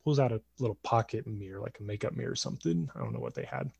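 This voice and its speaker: A man in his twenties telling a family story casually on a podcast, animated and acting out voices. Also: medium pitch, rapid-fire, vocal fry, husky, no echo, highs cut off. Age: 20s.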